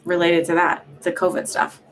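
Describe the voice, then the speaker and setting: A woman's voice: fairly low pitch, completely flat delivery, normal speed, a little hiss or hum. A woman hosting live psychic readings, talking in a chatty way with many fillers and restarts. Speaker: psychic medium host.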